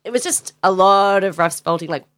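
A woman's voice: medium pitch, a little fast, fairly bright tone. A young Australian woman co-hosting a casual sports chat, making her case with lots of likes and laughing easily. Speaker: podcast co-host. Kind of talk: casual chat about rugby league.

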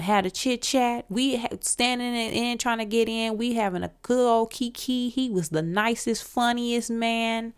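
A woman in her forties from Michigan hosting a podcast, telling stories in an animated, excitable way. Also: on the high side, unhurried, hardly any pauses, clear, resonant tone. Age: 40s. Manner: animated, excitable, with bursts of emphasis. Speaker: podcast host. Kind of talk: casual storytelling.

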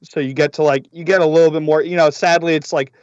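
A young man co-hosting a podcast, chatting casually in an animated way, swearing and acting out quotes. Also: a little high, fast talker, dry recording, dull audio.

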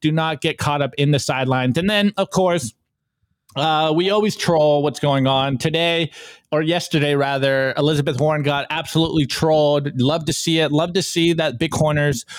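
High-voiced hyped man hosting a show. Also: fairly even intonation, no echo. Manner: joking, hyped, quick asides. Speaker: podcast host. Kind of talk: casual meme review chat.

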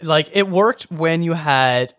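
A man's voice: a little high, slow pace, no room sound. Chatty Canadian man, dry mic. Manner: animated, stumbles and restarts, laughs often. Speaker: podcast co-host. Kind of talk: casual movie review chat.

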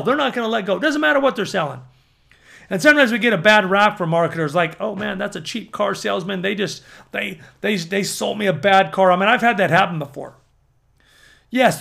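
A man preaching to an audience as a prophetic minister, fervent and building to emphatic near-shouts. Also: high-pitched, gravelly.

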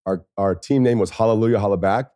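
A man's voice: fairly low pitch, fast, dark tone, dry recording, studio quality. Laid-back man telling stories with laughs. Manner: laid-back, laughs often, swears casually. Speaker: podcast guest, former football player. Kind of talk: casual storytelling.

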